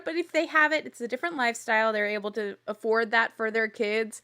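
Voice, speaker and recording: A woman casually recapping a reality show, chatty and animated, with quick asides and laughs. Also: fairly high pitch, clean tone. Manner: acts out quoted lines in little voices.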